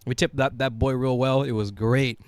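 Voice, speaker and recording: A man's voice: mid-range voice, fairly even intonation, normal speed, no echo. A young man, a podcast co-host, rambling through a funny story in casual chat, laughing and swearing freely. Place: small podcast studio.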